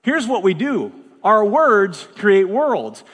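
A man's voice: high-pitched, big pitch swings, takes it slowly, a bit bright, in a large hall. A man preaching as pastor, talking bluntly and conversationally with dramatic asides. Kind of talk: sermon. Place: large church hall.

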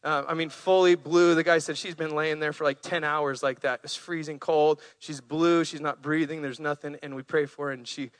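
A man preaching, telling animated stories and acting out animals with playful voices. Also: a little high, normal speed, hardly any pauses, smooth, no echo, studio quality. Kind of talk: storytelling sermon.

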